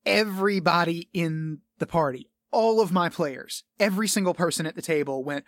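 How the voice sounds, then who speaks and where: Rambling podcaster with a bright, dry voice. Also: male voice, on the high side, normal speed, hardly any pauses, no echo. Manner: rambling, laughs often, swears casually. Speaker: podcast host. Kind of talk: casual podcast monologue.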